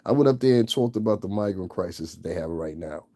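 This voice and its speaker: A man's voice: low voice, expressive, quick pace, mellow, no room sound, studio quality. A man hosting his own channel, giving blunt, profane and scornful commentary. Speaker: channel host. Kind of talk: ranting livestream commentary.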